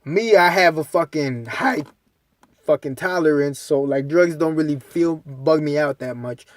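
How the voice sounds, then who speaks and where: A man's voice: fairly high pitch, a little slow, no echo. A young man co-hosting a podcast, rambling through a story in casual, profane talk. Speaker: podcast co-host.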